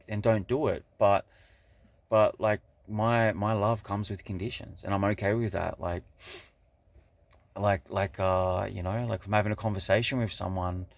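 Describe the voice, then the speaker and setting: A man with a low voice talks through his thoughts in an unscripted vlog. His tone is gravelly, with a lot of vocal fry. He swears casually and keeps circling back with "like" and half-finished restarts. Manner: rambling and profane, many fillers and restarts. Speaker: vlogger. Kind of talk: casual monologue.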